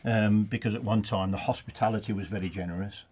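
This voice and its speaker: A man with a Black Country accent, a retired football referee telling funny anecdotes in a relaxed studio chat. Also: fairly low pitch, quick pace, slightly rough. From England. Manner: anecdotal, laughs at his own stories, many restarts. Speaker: studio guest, former referee. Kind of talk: storytelling in a casual chat.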